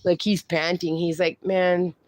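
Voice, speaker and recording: A woman's voice: mid-range voice, slow pace, no echo. A middle-aged woman hosting a casual livestream, reading viewer comments aloud and baby-talking to her dogs. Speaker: livestream host.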